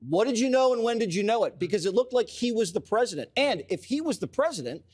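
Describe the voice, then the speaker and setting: A man's voice: high voice, sing-song, quick pace, darkish tone. A man on a TV panel, giving opinionated commentary through pointed rhetorical questions. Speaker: panel guest.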